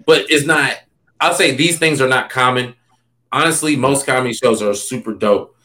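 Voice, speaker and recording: A male stand-up comic spinning backstage anecdotes in a relaxed, rambling way. His voice sits at a middling pitch and his talk is packed with "you know" and restarts. He sounds easygoing and animated as a guest. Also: moderate pace. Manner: loose, filler-heavy, animated anecdotes. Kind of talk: casual storytelling chat.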